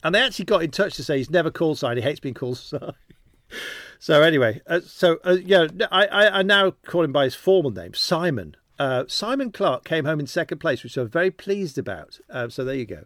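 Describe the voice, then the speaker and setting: A man's voice: fairly high pitch, very animated, brisk, a bit bright, no room sound, studio quality. A man who works as a cycling commentator, chatting casually in a rambling, anecdotal way with self-deprecating humour. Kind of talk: casual interview chat.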